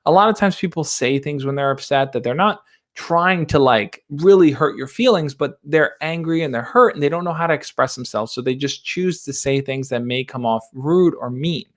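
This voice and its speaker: Slightly high-voiced man giving dating advice. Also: moderate pace. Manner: relaxed, reassuring, reads out viewer questions and answers them. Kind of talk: casual livestream chat.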